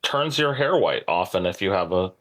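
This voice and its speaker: A man hosting a pub-style trivia podcast, reading questions in a measured, deliberate way with dry asides. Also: deep voice, lively intonation, fairly bright tone. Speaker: trivia quiz host.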